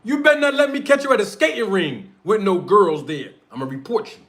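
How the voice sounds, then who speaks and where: A man's voice: high-pitched, expressive, fairly quick, a bit bright. Fiery North Philly man ranting. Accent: North Philadelphia. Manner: confrontational, street slang, repetitive jabs. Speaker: streamer and show host. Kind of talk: heated livestream rant.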